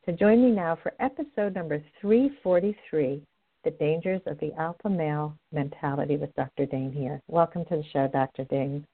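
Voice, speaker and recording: A woman's voice: low voice, moderate pace. A middle-aged woman hosting a radio show as a love coach, chatting in an upbeat, direct way. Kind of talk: podcast host monologue. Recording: tinny phone-line audio.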